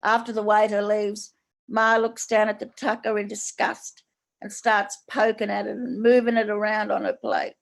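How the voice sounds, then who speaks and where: A woman from Australia with an Australian accent, an author reading her own short story aloud in slangy, unhurried storytelling. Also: medium pitch, level tone, vocal fry.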